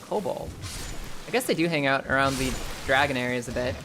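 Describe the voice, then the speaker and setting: A woman streaming a game live, chatting casually with viewers, swearing freely and breaking into high squeals when the game startles her. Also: expressive, fairly quick, background noise.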